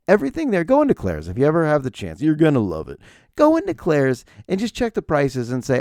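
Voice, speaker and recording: A man's voice: medium pitch, wildly swooping pitch, fast, creaky, dark tone, dry recording, studio quality. A man in his forties hosting a podcast, telling stories casually and sarcastically and acting out the people in them. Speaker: podcast host. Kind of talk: casual solo storytelling.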